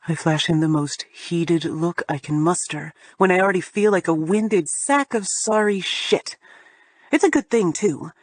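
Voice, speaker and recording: A woman's voice: mid-range voice, no echo. Woman reading a romance audiobook, snarky and swears a lot, mid voice, dry close sound. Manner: sardonic, profane, emphatic. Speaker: audiobook narrator. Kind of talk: first-person romance audiobook narration.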